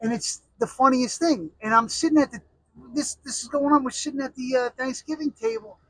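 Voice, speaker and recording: A man's voice: very high voice, brisk, a bit bright, no echo, low-quality recording. A middle-aged American man telling rambling, jokey stories in a casual monologue, full of restarts and asides. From United States.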